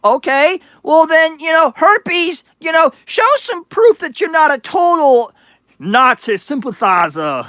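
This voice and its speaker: A man's voice: very high-pitched, expressive, slow, pushed and bright, no echo. A man hosting a livestream, reading chat aloud with crude sarcasm and frequent hesitations. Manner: sarcastic, profane, hesitant with many uhs.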